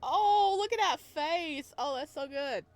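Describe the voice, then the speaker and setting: A woman playing a game, reading its narration aloud and reacting excitedly, talking back to the character. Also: high voice, takes it slowly. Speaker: game player.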